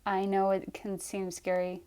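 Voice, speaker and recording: A woman's voice: mid-range voice, completely flat delivery, measured pace, clean tone. Earnest young woman gushing to her readers. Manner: gushing, earnest, with soft laughs and trailing starts. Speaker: author talking to readers. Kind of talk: heartfelt live stream chat.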